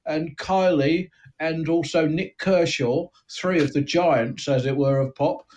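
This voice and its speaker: A man's voice: a little high, fairly even intonation, a little slow, a little mellow, lightly acted. A man voicing a small, boastful East End gangster in a put-on Cockney accent, rambling as he plugs himself. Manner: chatty, rambling self-promotion. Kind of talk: improvised comedy role-play.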